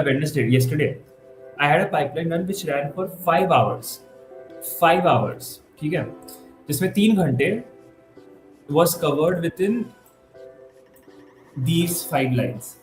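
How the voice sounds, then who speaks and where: A man in his twenties streaming a live coding session, thinking aloud and getting excited, mixing in Hindi words. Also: a little high. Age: 20s. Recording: roomy with faint music behind.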